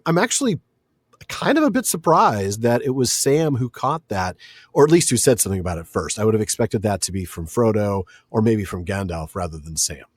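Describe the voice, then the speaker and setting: Husky, animated man co-hosting a book podcast. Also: medium pitch, no room sound. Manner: animated, reads passages aloud, quick to laugh. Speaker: podcast co-host. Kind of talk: casual book discussion.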